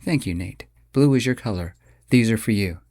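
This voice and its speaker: A man's voice: fairly low pitch, expressive, normal speed, darkish tone, dry recording. A man voicing a teasing wealthy Englishman. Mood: gracious.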